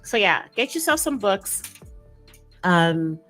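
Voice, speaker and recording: A woman's voice: medium pitch, slow pace, faint music behind. A woman hosting a podcast, talking casually and emphatically, often repeating her words. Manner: animated, emphatic, repeats herself. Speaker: podcast host. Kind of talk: casual solo talk on a livestreamed podcast.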